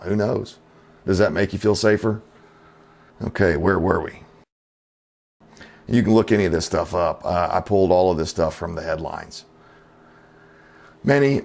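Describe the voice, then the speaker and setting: A middle-aged man with a fairly low voice delivers opinionated commentary as host of his own channel. He talks in a folksy, skeptical way, peppered with rhetorical questions and casual fillers. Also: vocal fry, darkish tone.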